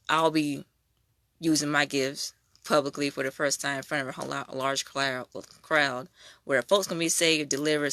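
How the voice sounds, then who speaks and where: Young woman sharing her testimony, bright gravelly voice, animated storytelling, real casual. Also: low-pitched, no echo, clean studio sound.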